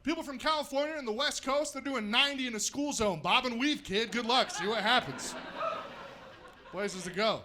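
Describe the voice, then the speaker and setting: A man from Utah performing a stand-up comedy set on stage, animated and self-deprecating, chatting with the crowd. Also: extremely high pitch, normal speed. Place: comedy stage before a live audience.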